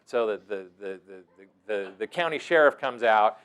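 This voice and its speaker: Animated middle-aged storytelling man. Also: fairly low pitch, moderate pace, smooth. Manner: animated, breaking into loud shouted impressions. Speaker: wilderness mentor and teacher. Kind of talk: storytelling talk.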